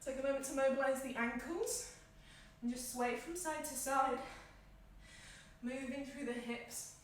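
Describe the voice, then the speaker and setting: A woman with a high, light voice guides a yoga flow, her calm cues timed to each inhale and exhale. She sounds slightly winded as she moves. Her voice rings around a bare, echoey room, picked up from a few steps away. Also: unhurried, a little hiss or hum. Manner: calm, encouraging cues paced with the breath. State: slightly out of breath. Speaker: yoga instructor. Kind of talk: guided yoga class instruction. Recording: echoey room, mic at a distance.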